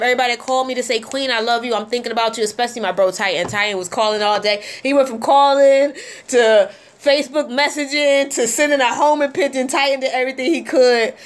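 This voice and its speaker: Halting heartfelt woman host. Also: a little high. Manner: heartfelt, halting, many ums. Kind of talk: casual call-in show talk.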